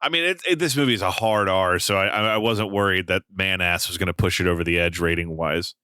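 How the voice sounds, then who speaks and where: A man's voice: low-pitched, fast talker, bright, forceful tone, clear, resonant tone, no room sound, studio quality. A man co-hosting a casual film review podcast, talking with a wry, joking manner. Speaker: podcast co-host.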